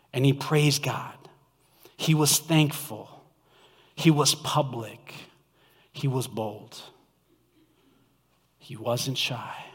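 A man preaching a sermon to his church, swinging from shouts down to whispers. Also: mid-range voice, slightly rough, big-room sound. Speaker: pastor.

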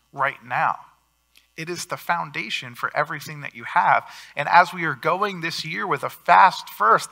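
A man preaching a sermon as pastor, earnest, with swings in loudness for emphasis. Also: a little high, creaky.

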